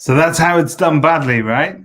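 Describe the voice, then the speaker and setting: A man hosting, introducing a speaker's story in a calm, measured way. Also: fairly high pitch, a little hiss or hum.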